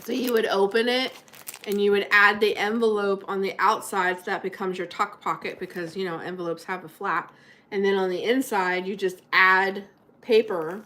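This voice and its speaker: A woman's voice: mid-range voice, fairly even intonation, moderate pace, a bit bright. A woman hosting a livestream, chatting casually and explaining paper crafts with lots of fillers. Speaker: livestream host.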